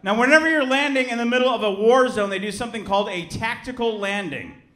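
A man in his thirties from Chicago doing a stand-up comedy set, telling a story with lively acted-out voices and shouted punchlines. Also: very high voice, fast talker, echoey room. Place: theater stage before a live audience.

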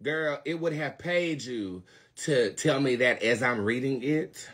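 A young man from North Carolina with a Southern accent, hosting a live tarot reading stream and talking to viewers in a sassy, profane way that swings from loud to muttered asides. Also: medium pitch, measured pace, breathy edge. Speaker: tarot reader, live show host.

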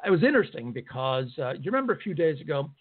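The audio is narrow and phone-like as a male host rants from his studio in a political talk radio monologue, sarcastic, indignant, and packed with fillers. He speaks very fast in a sing-song way, his voice on the high side and slightly rough.

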